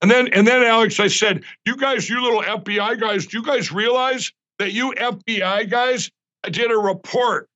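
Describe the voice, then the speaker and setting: High, bright-voiced man recounting heatedly. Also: normal speed, dull audio. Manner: agitated, acts out quoted dialogue, frequent restarts. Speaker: guest recounting an event. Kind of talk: animated storytelling in an interview.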